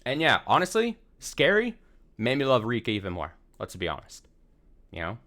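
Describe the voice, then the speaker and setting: A man's voice: mid-range voice, huge pitch swings, normal speed, fairly bright tone. A man streaming a visual novel, recapping the story in a casual, rambling way with restarts and the odd swear. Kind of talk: casual let's-play commentary.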